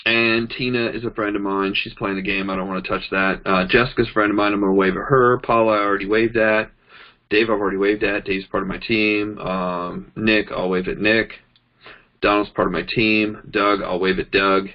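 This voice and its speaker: A man's voice: fairly low pitch, moderate pace. Guy telling marketing stories, plays out the back-and-forth, kinda muffled sound. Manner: chatty, animated storytelling, acts out quoted dialogue. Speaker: network marketing trainer. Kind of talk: casual training talk. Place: indoors, demonstrating on a phone.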